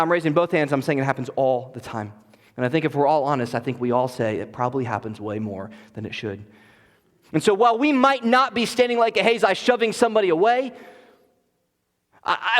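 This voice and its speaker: A pastor with a fairly high voice preaches an earnest, conversational sermon. He is recorded in a church sanctuary, and a long reverb trails his words. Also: a bit bright.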